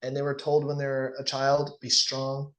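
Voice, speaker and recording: Animated male sales coach. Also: mid-range voice, normal speed. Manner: animated, acts out sales dialogues. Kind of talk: casual coaching session.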